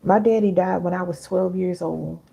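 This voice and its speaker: Woman host, middle-aged, dark mellow tone with some rasp, talking casually to her live viewers. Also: on the low side, fairly even intonation, moderate pace, highs cut off. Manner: chatty, reads viewer comments aloud, calls viewers baby and girl. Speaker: live-stream host and healing coach. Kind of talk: casual live-stream coaching talk.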